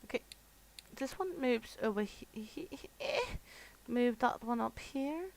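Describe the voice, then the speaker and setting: Chatty and quick to laugh, a middle-aged woman from Denmark swears freely and addresses her chat in a Danish accent while live-streaming a store game. Her fairly high voice is animated, gravelly and a little mellow, with a slightly slow pace, in a low-quality recording.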